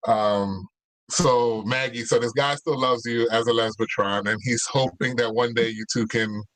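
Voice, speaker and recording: A man's voice: mid-range voice, steady tone, normal speed, a bit bright, low-quality recording. A man cooking in his home kitchen and chatting casually on a video call through his laptop, rambling along with plenty of fillers. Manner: rambling, laid-back, many fillers. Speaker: guest cook. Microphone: laptop mic on video call.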